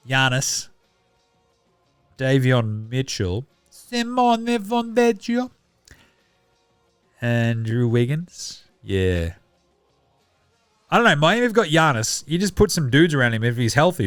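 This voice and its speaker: A man's voice: medium pitch, smooth, no room sound. An Australian man hosting a basketball show, talking in a casual, sweary and sarcastic way, often mocking others in short impressions. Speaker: basketball podcast host. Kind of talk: casual sports commentary.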